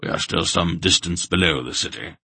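A man voicing a cautious, gruff old man who leads the group, speaking low, terse and matter-of-fact. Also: brisk, sharp tone, dry recording, exaggerated voice. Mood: quiet, grave.

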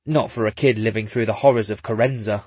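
A man narrating a story in a husky voice, dropping in dry, wry asides. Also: on the low side, steady tone, quick pace, darkish tone, no room sound. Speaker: audiobook narrator. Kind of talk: scripted narration.

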